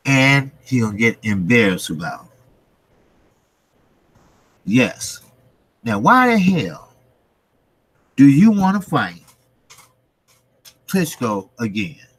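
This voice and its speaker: A man's voice: mid-range voice, sing-song, slow pace, long pauses, a bit bright, breathy edge, dry recording. A man hosting a boxing channel, ranting bluntly and casually, swearing and repeating rhetorical questions. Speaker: boxing commentary channel host.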